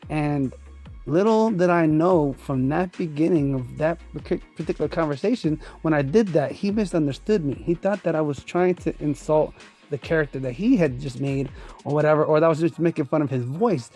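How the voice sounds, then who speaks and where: Husky-voiced man rambling casually. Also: fairly high pitch, brisk, mellow, faint music behind. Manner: rambling, laughs often, swears casually. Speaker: podcast host. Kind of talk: casual storytelling monologue.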